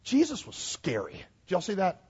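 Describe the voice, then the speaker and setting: A man giving a sermon as a pastor in a church, swinging from hushed, intimate lines to loud, rising exhortation. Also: high voice, wildly swooping pitch, normal speed, husky. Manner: dynamic preaching, swings from hushed to shouting. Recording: dull lo-fi sermon recording.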